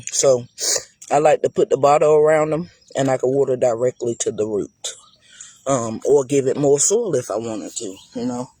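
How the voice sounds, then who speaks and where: A man's voice: mid-range voice, normal speed, warm tone, slightly rough, dry recording. A man giving a casual, chatty walk-through of his garden for viewers, talking loosely and calling them y'all. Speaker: gardening vlogger. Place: outdoor garden.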